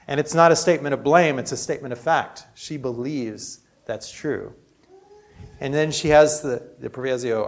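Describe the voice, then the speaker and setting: A man's voice: medium pitch, normal speed. A man giving a sermon as a pastor, speaking earnestly in a conversational way with many casual asides. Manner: earnest, conversational preaching with frequent "you know".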